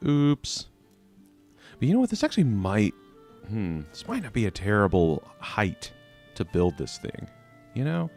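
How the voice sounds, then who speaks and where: A man's voice: on the low side, huge pitch swings, measured pace, long pauses, darkish tone, faint music behind. A young man chatting his way through a live game stream, laughing and mocking his own mistakes.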